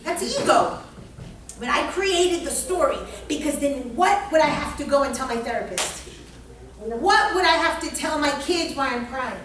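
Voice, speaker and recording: A woman teaching astrology to a small class in an emphatic, profane way, dropping to a hush and then rising to a shout. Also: high-pitched, lively intonation, normal speed. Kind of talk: informal lecture to a small class. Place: indoor room with a group. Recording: very echoey room, mic far off, faint hiss.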